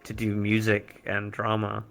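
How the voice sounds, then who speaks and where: Young British-raised man, American accent, bright forceful tone, relaxed chatty guest. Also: on the low side, a little slow, creaky, soft background music. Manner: laughs easily, relaxed storytelling. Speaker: podcast guest. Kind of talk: casual chat.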